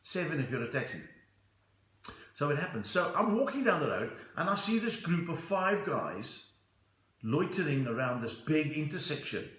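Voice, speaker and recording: A man's voice: on the high side, sing-song, normal speed, a bit bright, echoey room, poor audio. A middle-aged South African man with a South African accent, chatting on a live stream, reading viewer comments and telling stories. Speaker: stand-up comedian. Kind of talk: live-stream comedy chat.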